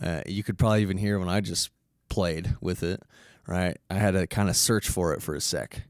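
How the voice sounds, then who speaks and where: A man's voice: deep voice, fairly even intonation, brisk, dry recording, studio quality. A man giving a casual music lesson, explaining step by step and counting beats aloud. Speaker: music teacher.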